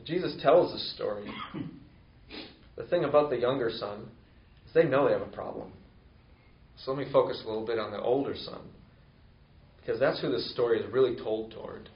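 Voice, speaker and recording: A man preaching a conversational sermon who acts out quoted voices with rising pitch. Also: moderate pace, pauses often, a little hiss or hum. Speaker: pastor. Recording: roomy, distant, dull lo-fi sound.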